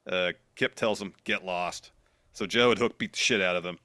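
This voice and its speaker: A man's voice: on the low side, fast, no echo. A man co-hosting a wrestling podcast, telling what happened in the matches step by step. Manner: steady play-by-play storytelling. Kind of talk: recapping matches.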